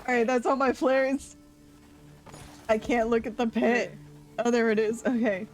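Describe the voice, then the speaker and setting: A woman with a slightly high, steady voice streams a game live on Twitch, speaking unhurriedly with faint music in the background. She chats casually with a friend, laughing often and teasing playfully.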